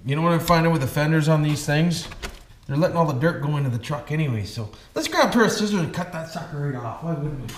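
On the high side and expressive, his voice moves at a quick pace. A Canadian hobby-channel host, he jokes through a casual vlog on an RC truck, repeating "boys" and "why wouldn't we," in an echoey room with background noise.

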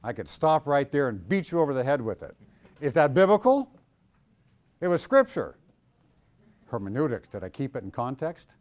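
Male Bible class teacher, animated, questions the room, mid pitch. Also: moderate pace, long pauses.

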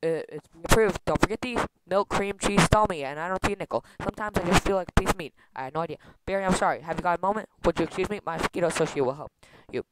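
A man rushing through a comic read-through of a film script, stumbling over words and restarting lines. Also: fairly high pitch. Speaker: script reader. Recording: loud background noise with clicks.

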